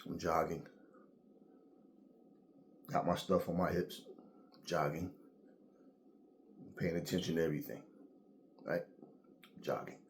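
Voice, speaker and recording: A man with a lowish voice rants casually to his viewers. He tells stories in a loose, profane way, full of slang and lively asides. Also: takes it slowly, pauses often, slight background noise. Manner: profane, animated storytelling with slang. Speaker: boxing commentator. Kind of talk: casual rant to camera.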